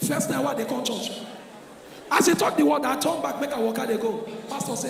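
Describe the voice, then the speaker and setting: A man with a Nigerian accent doing live stand-up comedy, telling stories loudly and with energy in Pidgin. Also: very high voice, moderate pace, vocal fry. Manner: loud, animated storytelling in Pidgin. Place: large venue stage before an audience. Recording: echoey hall with crowd noise.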